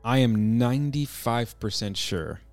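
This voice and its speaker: A man telling a personal story in a reflective, halting way, with many restarts. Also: mid-range voice, lively intonation, soft background music.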